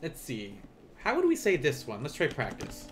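A man teaching a live online language lesson, explaining patiently and repeating phrases slowly for learners. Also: mid-range voice, wildly swooping pitch, noisy background.

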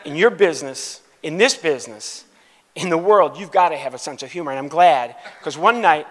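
A man's voice: a little high, expressive, normal speed, a bit bright. A male ventriloquist comedian doing stand-up on a stage, playfully teasing audience members and telling stories. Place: large venue stage. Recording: reverberant hall, faint noise.

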